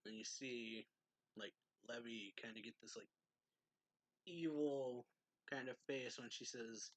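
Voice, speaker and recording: A man casually reviewing a manga chapter, rambling with many fillers and clearing his throat often. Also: medium pitch, fairly even intonation, slow, dry recording.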